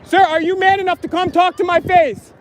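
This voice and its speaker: A man filming on his phone outdoors, loudly heckling and taunting officials with repeated insults. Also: extremely high pitch, little pitch movement, a little fast. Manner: mocking, repetitive insults. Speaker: YouTube auditor filming officials. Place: outdoors at a public event. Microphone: handheld phone camera.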